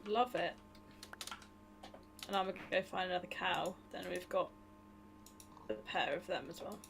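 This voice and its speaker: A young woman from Britain co-streaming a game, chatty and quick to laugh. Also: fairly low pitch, gravelly, over music. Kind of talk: casual game stream chat. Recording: faint keyboard clicks behind.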